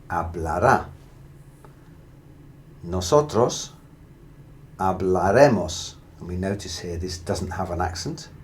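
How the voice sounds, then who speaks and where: A man teaching Spanish grammar, calmly walking through verb endings in a methodical lesson. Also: on the low side, a little hiss or hum. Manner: steady, methodical, drills through conjugations. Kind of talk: explanatory language lesson.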